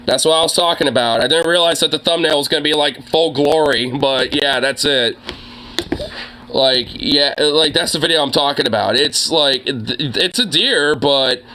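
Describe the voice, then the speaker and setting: A young man with a sore throat hosts a podcast, chatting casually as he reacts to videos, rambling with plenty of fillers and swearing. His voice sits on the high side, pushed and bright, at normal speed, on a rough recording with slight background noise.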